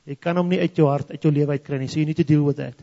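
Afrikaans south african guy telling a story, switching between languages, slightly high, rough and gravelly. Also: fairly even intonation, rapid-fire, warm tone. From South Africa, Free State. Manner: switches between English and Afrikaans, acts out quoted voices. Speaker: speaker giving a testimony. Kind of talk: storytelling testimony. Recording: dull lo-fi sound in a reverberant hall.

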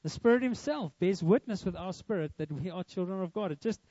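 A man's voice: sits high, expressive, brisk, mellow, no room sound, lo-fi sound. A young man preaching a sermon, earnest and emphatic, with a lot of repetition. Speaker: pastor.

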